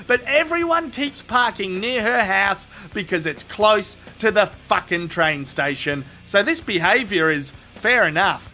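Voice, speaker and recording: A man's voice: high-pitched, pushed and bright, a little hiss or hum. A man narrating animal clips with crude, sarcastic comic commentary. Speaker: comedy narrator.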